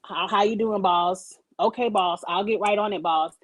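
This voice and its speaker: A woman's voice: medium pitch, moderate pace, breathy edge, lightly acted. A woman mimicking an older man with a Southern American twang who keeps calling her boss in an overly deferential way. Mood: mocking. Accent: Southern US (put on).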